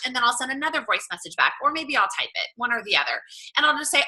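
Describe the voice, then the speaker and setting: Bright, high-voiced Southern woman in her thirties; gushing, chatty fitness coach talking to her team. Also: big pitch swings, fast, rough recording. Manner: gushing, chatty, lots of "oh my gosh" and "like". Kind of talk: casual coaching talk to team.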